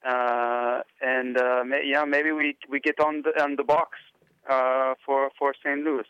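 A man doing a halting German-accented young racer. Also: mid-range voice, level tone, smooth, no echo, lo-fi sound, close to an everyday voice. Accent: German (put on). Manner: halting broken English, many fillers and restarts.

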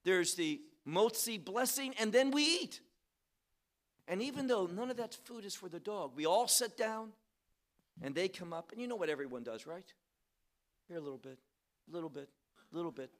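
A man preaching a sermon, asking the audience questions and swinging from quiet asides to loud, stressed points. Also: high voice, expressive, normal speed.

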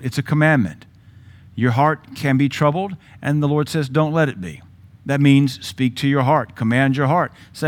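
A man's voice: on the high side, normal speed. A man with a Southern American accent, a pastor preaching a sermon, repeating words for emphasis and lifting his voice for quotations. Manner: repetitive emphatic preaching, quotes with raised voice. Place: church.

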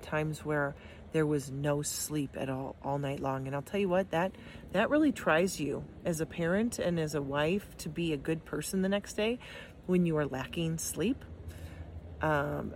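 A woman's voice: deep voice, a little hiss or hum. Earnest encouraging middle-aged woman. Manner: earnest, encouraging, with frequent ums and restarts. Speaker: amputee sharing her experience. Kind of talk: heartfelt motivational talk to camera.

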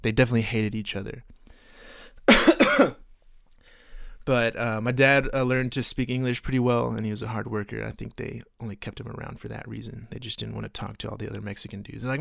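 A man's voice: on the low side, fairly even intonation, a little fast, creaky, a bit bright, dry recording, studio quality. A man from Texas hosting a podcast, rambling in a profane, self-mocking way. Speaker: podcast host. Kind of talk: casual podcast monologue.

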